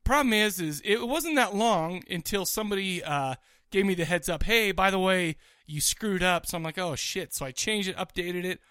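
A man's voice: sits high, animated, moderate pace, sharp tone, smooth, no room sound, studio quality. A man co-hosting a podcast in casual chat, rowdy and joking, often talking over his co-host.

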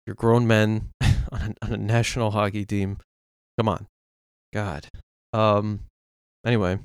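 A man's voice: on the low side, level tone, a little slow, clean tone, dry recording, studio quality. A man co-hosting a casual sports podcast, ranting with frustration and restarting his sentences. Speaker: podcast co-host.

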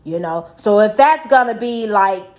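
A woman's voice: medium pitch, lively intonation, measured pace, a little mellow. A middle-aged woman telling a personal story in a blunt, profane, rambling way, full of fillers. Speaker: vlogger commenting on a news case. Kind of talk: casual storytelling commentary.

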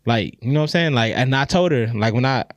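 A man's voice: medium pitch, quick pace, no echo. A man in his thirties, a podcast co-host, telling stories in a loose, profane, casual way. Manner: loose, profane storytelling with animated retellings.

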